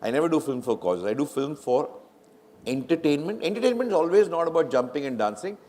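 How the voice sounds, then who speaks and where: On the high side and brisk, a middle-aged film director with an Indian English accent recounts stories during a live fireside chat in a large hall. He stays animated throughout, acting out the conversations he quotes.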